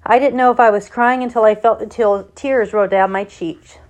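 A woman's voice: fairly high pitch, moderate pace. Woman reading a novel aloud. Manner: steady, with small stumbles and self-corrections. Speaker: audiobook reader.

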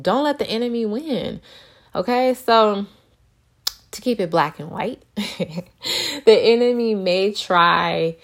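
A woman in her thirties giving an earnest, encouraging faith talk to her viewers, acting out little quotes as she goes. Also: fairly low pitch. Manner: earnest, animated, acts out quotes. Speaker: christian vlogger.

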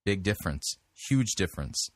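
A man's voice: low-pitched, very animated, moderate pace, dry recording, studio quality. A man hosting a sermon review show, giving blunt, corrective commentary on a preacher's clip.

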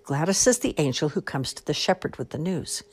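A patient, slightly flustered mother gently corrects unruly children at a rehearsal, as a woman reading aloud voices her. Her voice is a touch husky and moves around a lot in pitch. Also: expressive, brisk. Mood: explaining.

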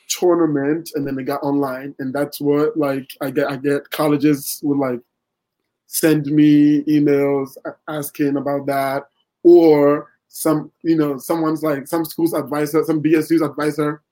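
A man's voice: on the high side, level tone, measured pace, dark tone, poor audio. A man talking casually as a guest poet in an interview, rambling with many fillers and restarts.

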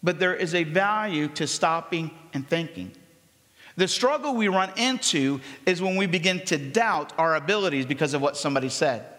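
A man preaches to his church in a high, lively voice. He talks to the congregation like it's a conversation and acts out the voices of the people in the story. His voice rings with long reverb through the sanctuary. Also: normal speed. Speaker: pastor. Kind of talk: sermon.

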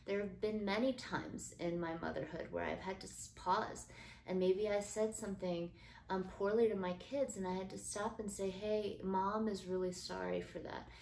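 A middle-aged woman hosting a podcast, talking earnestly and gently about parenting, with soft fillers and restarts. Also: mid-range voice, fairly even intonation, normal speed, vocal fry. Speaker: podcast host. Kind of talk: casual faith-based parenting talk. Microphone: built-in phone mic. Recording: roomy phone recording with faint noise.

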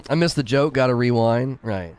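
A man's voice: mid-range voice, lively intonation, unhurried, vocal fry, darkish tone, no room sound, soft background music. A man streaming a game and chatting casually with his viewers, giggly and rambling, laughing often at his own jokes. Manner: rambling, with many fillers and restarts. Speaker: game streamer talking to chat. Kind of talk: casual live-stream chat.

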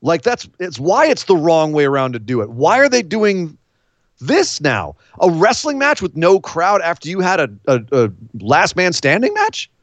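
A man hosting a casual podcast chat, animated and sarcastic. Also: on the high side, moderate pace, dry recording. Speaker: podcast host. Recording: slightly dull lo-fi sound.

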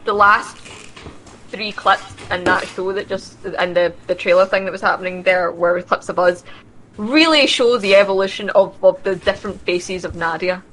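A woman's voice: medium pitch, normal speed, a bit bright, a little hiss or hum, low-quality recording. A woman with a Scottish accent co-hosting a casual gaming talk show, chatty and rambling. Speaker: co-host. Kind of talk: casual chat.

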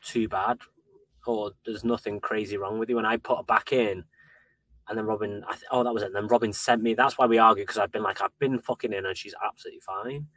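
A young man co-hosting a podcast, telling sweary, animated stories about parenting in casual chat. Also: on the low side, fast talker, no echo. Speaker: podcast co-host.

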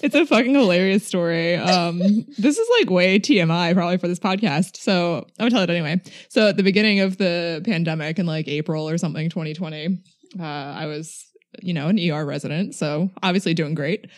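Lower-voiced woman in her 30s, doctor cohost, candid and jokey, swears a lot. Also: brisk, no room sound. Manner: candid, joking, swears freely. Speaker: doctor podcast co-host. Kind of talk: casual chat and storytelling.

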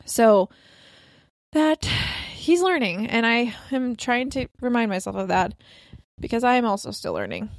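A woman's voice: fairly high pitch, sing-song, a little slow, creaky, no room sound. A woman in her twenties chatting as a podcast co-host, rambling with lots of fillers and laughs. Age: 20s. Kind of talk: casual chat.

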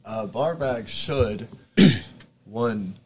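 A man's voice: on the low side, expressive, very slow, a little mellow, a little hiss or hum. A man, a bartender guest on a casual podcast, explaining his work in a laid-back, plain way.

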